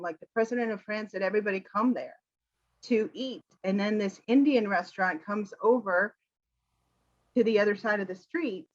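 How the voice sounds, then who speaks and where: An American woman, an English teacher, chatting casually about a film with animated quoting. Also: mid-range voice, muffled recording. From United States. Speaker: English teacher, channel host.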